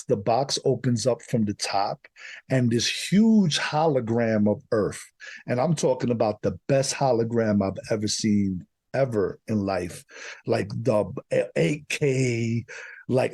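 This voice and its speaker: A man's voice: mid-range voice, dark tone, breathy edge, no echo. A man from the Bronx, a podcast guest telling a personal story in a rambling way, full of "like" fillers. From Bronx, New York.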